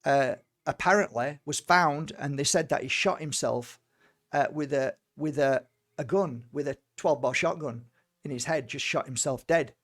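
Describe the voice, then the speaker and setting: A man, a spiritual healer and medium, telling stories in casual conversation, emphatic and animated with many repeated words. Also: a little high, moderate pace.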